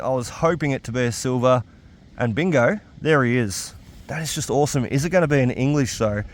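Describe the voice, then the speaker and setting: Excitable man vlogging outdoors. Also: fairly high pitch. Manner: excitable, chatty, often exclaiming. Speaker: metal detecting vlogger. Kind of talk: casual vlog commentary. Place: outdoors on a farm.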